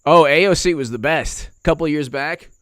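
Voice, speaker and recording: A man's voice: a little high, fairly quick, a bit bright, clear, resonant tone, no room sound. A man hosting a political commentary vlog, ranting sarcastically and repeating himself in disbelief. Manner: sarcastic, repetitive, incredulous. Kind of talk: casual political rant.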